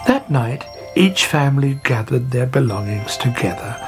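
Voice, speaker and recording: Woman storybook narrator, expressive, gentle pacing, music behind. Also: very deep voice, moderate pace.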